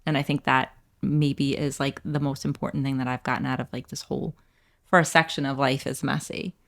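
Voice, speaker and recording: A woman's voice: extremely low pitch, flat delivery, fairly quick. A woman co-hosting a faith podcast, speaking in an earnest, reflective way and often affirming the others. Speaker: podcast co-host. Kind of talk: casual faith discussion.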